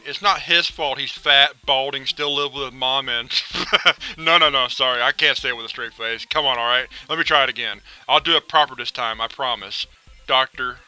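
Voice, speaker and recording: A man's voice: mid-range voice, sharp tone, rough recording. A man narrating a joke document in a mock-formal, dry reading style. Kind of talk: scripted reading.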